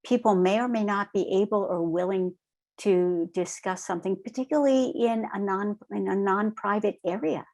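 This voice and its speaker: A middle-aged woman teaching a training session in a calm, measured way, often checking in with "right?". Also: medium pitch. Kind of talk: recorded online training lecture.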